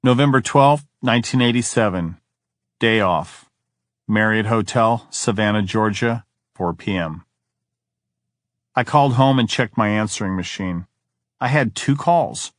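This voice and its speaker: Low, dry-voiced man reading a diary. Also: a little slow, long pauses, no room sound. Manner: weary, brooding first-person reading. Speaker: audiobook narrator. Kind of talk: audiobook reading of diary entries.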